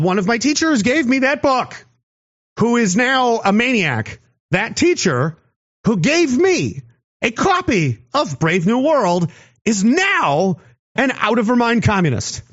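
Lively, high-voiced man on a dull lo-fi recording. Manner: rambling, sarcastic, swears and laughs often. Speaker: commentator. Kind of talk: casual monologue.

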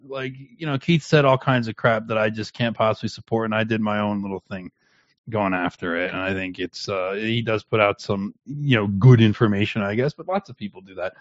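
A man, a guest on a livestream, giving heated, mocking commentary in an animated rant. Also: lowish voice, fairly quick, dry recording, lo-fi sound.

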